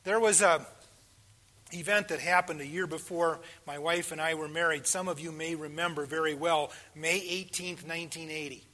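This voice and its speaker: A man in his sixties preaching a sermon, asking the congregation questions and swinging between hushed pauses and loud emphasis. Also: fairly high pitch, steady tone.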